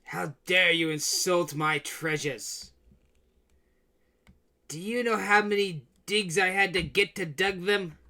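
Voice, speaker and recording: A man voicing a deranged old hoarder who calls himself king, speaking slowly and grandly. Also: high-pitched, sharp tone, exaggerated voice. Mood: grandiose.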